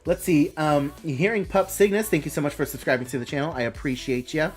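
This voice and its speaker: A man's voice: fairly high pitch, a little fast, soft background music. A man hosting a live stream, reading out announcements and thinking aloud with a rambling, casual manner.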